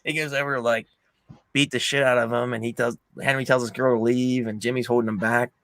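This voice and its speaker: A man retelling a film scene by scene in a casual chat, jumping into high, excited voices for the quotes. He talks quickly and swears freely. The sound is dry and close, with no room around it. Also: dry recording. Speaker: podcast host.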